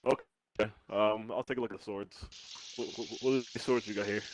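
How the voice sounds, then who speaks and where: A man's voice: lowish voice, steady tone, a little fast, a little hiss or hum. A man taking his turn as a player in a tabletop game, stumbling and restarting often as he speaks in character. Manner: hesitant, stumbling, lots of ums and repeated words.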